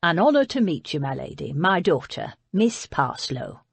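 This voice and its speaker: A woman's voice: deep voice, very animated, normal speed, gravelly, slightly rough, no echo, full character voice. A woman voicing a blunt, hearty middle-aged businessman with a Northern English accent, in an audiobook. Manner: plainspoken and hearty.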